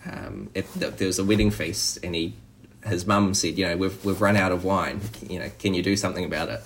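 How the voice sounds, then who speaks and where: A man preaching a sermon in a relaxed, conversational way, often restarting and saying "you know". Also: low voice, a little fast, slight background noise.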